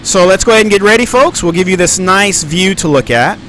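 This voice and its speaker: A man rambles and thinks aloud during live stream commentary on a flight simulator, with plenty of ums and uhs. His high-pitched voice is expressive, a bit bright and a little fast, with a faint hiss or hum in the audio.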